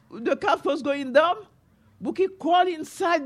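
A woman from Haiti telling a folktale to an audience, animated, with repeated chanting phrases. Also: high voice, normal speed. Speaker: storyteller, author.

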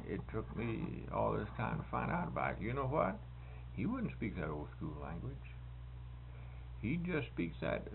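A very deep, gravelly older man talks slowly in casual conversation, musing and restarting as he recalls. The recording is thin and phone-like, with a faint hiss underneath. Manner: slow, musing storyteller with restarts. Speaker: conversation participant. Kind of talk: casual reminiscing chat.

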